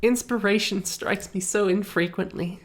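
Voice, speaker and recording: A woman's voice: mid-range voice, normal speed. A young woman streaming a game, rambling and cracking self-amused jokes as she plays. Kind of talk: casual commentary while playing.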